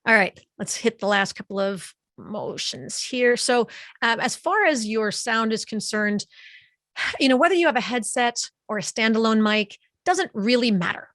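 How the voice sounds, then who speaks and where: A woman giving an online webinar presentation in a lively, conversational way, speaking close to a studio microphone. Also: on the high side, normal speed, no room sound.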